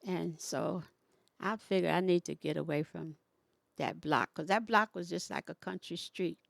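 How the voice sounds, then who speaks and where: Older lady spinning long folksy stories, gravelly, dry close mic. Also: lowish voice, normal speed, dry recording. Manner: rambling, folksy storytelling. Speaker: interview guest. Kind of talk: casual storytelling.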